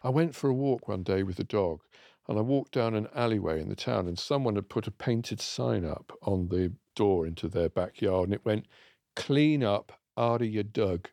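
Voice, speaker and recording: A man's voice: lowish voice, moderate pace, creaky, warm tone, no room sound, clean studio sound. An English man in his sixties, co-hosting a chat show, telling stories and asking himself questions that he then answers. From England. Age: 60s. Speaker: co-host. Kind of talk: conversational explaining.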